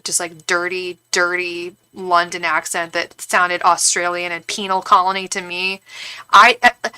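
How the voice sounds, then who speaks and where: A woman who reads tarot on a live stream, telling an animated, gossipy story to her chat, rambling with restarts. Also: mid-range voice, smooth.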